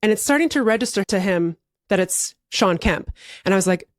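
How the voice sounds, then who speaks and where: Animated storytelling woman in her forties. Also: medium pitch, moderate pace, dry recording, studio quality. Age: 40s. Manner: animated, laughs through her own stories. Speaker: podcast co-host. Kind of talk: casual chat, comic storytelling.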